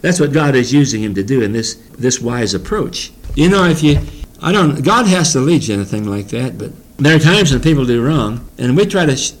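A man's voice: mid-range voice, animated, a little fast, low-quality recording. A man preaching a Bible teaching sermon in a folksy way, reading scripture aloud and explaining it with chuckles.

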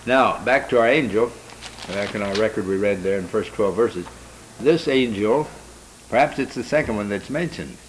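A man leading a Bible study, talking through scripture in a rambling, unhurried way with many restarts and fillers. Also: on the low side, a little hiss or hum, rough recording. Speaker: Bible teacher.

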